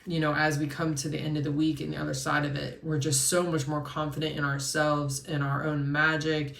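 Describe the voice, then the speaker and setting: A woman hosting a collective card reading, talking in a soft, flowing spiritual way with frequent fillers and restarts. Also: low-pitched, level tone, fairly quick, vocal fry, reverberant, recorded from a distance. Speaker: host and intuitive card reader.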